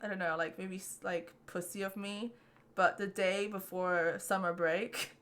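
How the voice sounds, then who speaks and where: Young female podcast host, bright forceful voice, cussing storyteller, casual chat. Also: medium pitch, a little slow. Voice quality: profane, animated storyteller.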